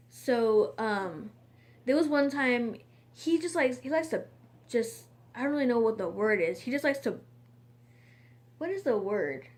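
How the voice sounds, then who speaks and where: A woman in a casual storytime monologue, rambling and chatty, with frequent fillers and restarts. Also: a little high. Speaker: vlogger.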